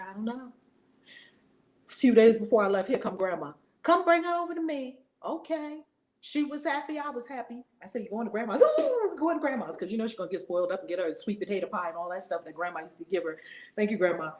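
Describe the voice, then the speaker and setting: A woman in her forties teaching a spiritual lesson in a fiery, preacher-like way, acting out voices. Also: a little high. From United States.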